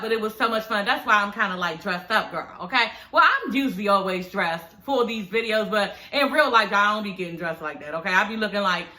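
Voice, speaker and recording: High, bright-voiced woman recapping reality TV. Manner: animated, profane, talks straight to viewers. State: talking with dental aligners in. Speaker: YouTube reality TV reviewer. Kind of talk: casual reaction recap.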